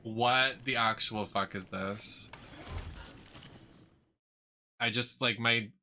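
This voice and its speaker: A man's voice: mid-range voice, fairly even intonation, very slow, pushed and bright. A man giving casual gameplay commentary, gossipy and chatty, swearing freely. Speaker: gaming streamer.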